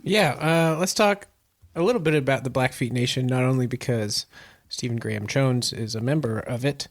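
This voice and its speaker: A man's voice: mid-range voice, normal speed, no room sound, clean studio sound. A man co-hosting a horror book podcast, chatting casually with teasing, joking banter. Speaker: podcast co-host. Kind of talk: casual chat.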